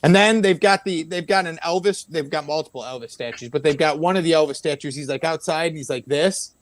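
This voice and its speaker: A man's voice: a little high, a little fast, dry recording. A man in casual chat, telling rowdy stories with lots of swearing and acted-out quotes. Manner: animated, profane storyteller acting out quotes.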